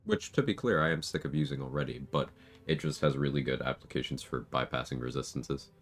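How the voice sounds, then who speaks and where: A man's voice: rumbling low, fairly even intonation, fast talker, fairly bright tone, soft background music. A man streaming a game live, chatting casually with viewers in a groggy morning voice. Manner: laid-back, greets and answers chat.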